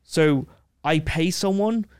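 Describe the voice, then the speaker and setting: A man's voice: a little high, slow, darkish tone, smooth, no room sound, clean studio sound. Brash man telling a story. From England. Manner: brash, cocky storytelling with acted quotes. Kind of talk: casual anecdote.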